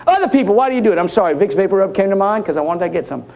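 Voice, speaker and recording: Man, keynote speaker, high voice, animated joking storyteller. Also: racing. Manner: animated, jokey, talks straight to the audience. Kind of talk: storytelling conference talk. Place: conference hall.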